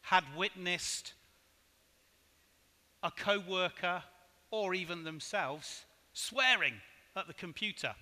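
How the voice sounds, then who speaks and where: A man giving a conference keynote in a hotel hall, measured and asking the audience rhetorical questions. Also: sits high, bright, forceful tone. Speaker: conference speaker. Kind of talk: keynote presentation. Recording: hall reverb.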